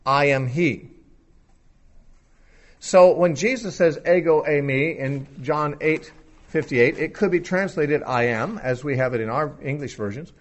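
A man explaining a Bible passage in an unscripted teaching talk, thinking aloud with occasional fillers. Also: on the high side.

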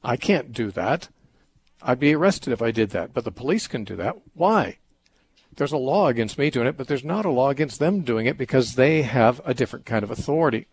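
Middle-aged male call-in host, calm explainer, husky tone, dry studio mic, mid-range pitch. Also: a little fast, no echo. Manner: calm, reasoning, explains with everyday examples. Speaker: radio call-in show host. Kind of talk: call-in Bible teaching talk.

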